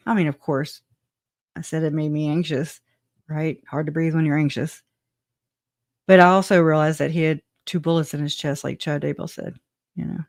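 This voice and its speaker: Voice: medium pitch, fairly even intonation, moderate pace, pauses often, no echo, studio quality. A guest telling their side of a personal story in a casual, rambling way, laughing often, trailing off with "anyways" and answering live chat comments.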